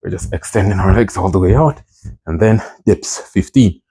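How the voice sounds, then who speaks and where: A fitness instructor, a man with a deep, warm voice and a breathy edge, leads a home workout at a moderate pace while doing it, counting reps and checking in with "right?" and "okay?". Exertion strains his voice, and the audio is poor.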